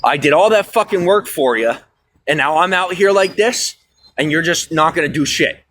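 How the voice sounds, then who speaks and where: A stressed, fired-up man venting on a livestream, swearing often and swinging from loud outbursts to low mutters. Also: animated, moderate pace. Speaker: livestream host. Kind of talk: angry livestream rant. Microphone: phone.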